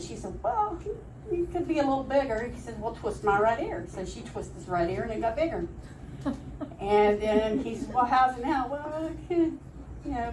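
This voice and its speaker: A woman's voice: fairly high pitch, darkish tone, distant mic, a little hiss or hum. A woman telling jokes at an open mic comedy night, rambling and laughing at her own punchlines. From Florida, USA. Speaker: stand-up comedian. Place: comedy club stage. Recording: echoey room recorded from afar.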